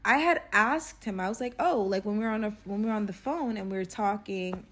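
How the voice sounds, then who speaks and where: A woman's voice: mid-range voice, brisk. A young adult woman recounting a personal story in a casual vlog, rambling and filler-heavy.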